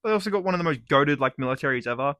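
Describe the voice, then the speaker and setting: A man's voice: fairly high pitch, racing, no room sound, clean studio sound. A young Australian man ranting on his vlog, swearing freely and mocking with sarcasm. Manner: profane, sarcastic, animated ranting. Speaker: YouTuber.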